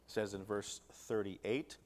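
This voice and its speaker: A man's voice: on the low side, steady tone, unhurried, darkish tone. A man preaching a sermon, reading scripture aloud with rising emphasis and putting rhetorical questions to his listeners.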